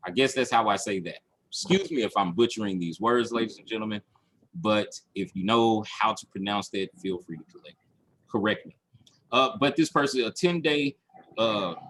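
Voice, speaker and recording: A man coaching a training session over a video call, animated and repeating his points for emphasis. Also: mid-range voice. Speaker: marketing coach. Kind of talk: recorded online training session.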